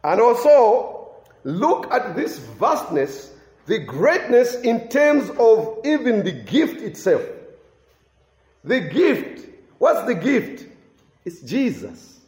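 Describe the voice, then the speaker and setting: Man, preacher, sermon, emphatic repetition, high voice, echoey room. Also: sing-song, takes it slowly, darkish tone. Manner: emphatic, repeats key phrases for weight.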